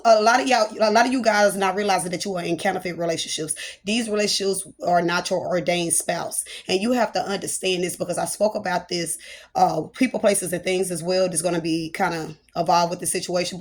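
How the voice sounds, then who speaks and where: A woman delivers a loose, conversational sermon as a prophetess. Her voice sits fairly low, and she is chatty and playful, dropping in exclamations of praise as she preaches. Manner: playful, chatty, breaks into laughter and church exclamations. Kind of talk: spoken prophetic message, casual preaching.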